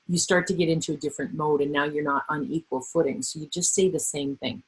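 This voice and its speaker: A middle-aged woman trainer presenting a workplace webinar, animated and acting out the voices she quotes. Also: low-pitched, quick pace, few pauses, breathy edge, low-quality recording.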